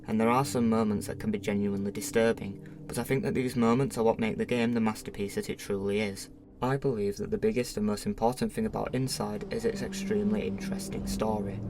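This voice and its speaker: A man hosting a game review channel, reading a scripted review in a measured way with a slight lisp from a dental appliance. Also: lowish voice, noisy background. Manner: measured, read-from-script delivery.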